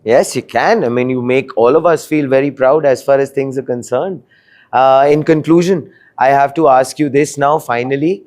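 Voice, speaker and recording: A male show host leads the interview and closes the episode. He stretches out his questions and fills pauses with frequent hesitations. His voice sits at a middle pitch. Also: a little mellow. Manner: filler-heavy, drawn-out questions. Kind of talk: interview hosting.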